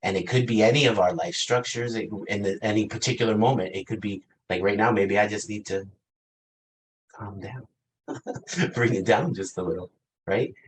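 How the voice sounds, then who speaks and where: A man's voice: lowish voice, fairly even intonation, a little fast, rough recording. A man in his fifties preaching a reflective sermon, asking the congregation questions and laughing lightly between thoughts. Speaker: pastor.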